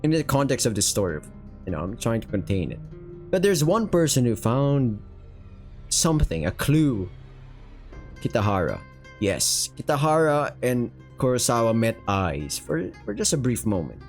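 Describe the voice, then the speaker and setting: A man's voice: mid-range voice, sing-song, normal speed, soft background music. Rambling young man reading manga aloud. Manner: rambling, profane, with filler words. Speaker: manga reviewer. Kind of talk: casual manga read-along commentary. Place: home room with windows.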